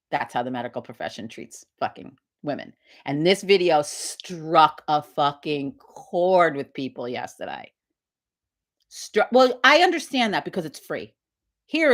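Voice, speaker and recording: A woman's voice: low voice, very animated, measured pace. A woman hosting a casual live stream, telling a story bluntly and animatedly with a lot of swearing. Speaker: livestream host.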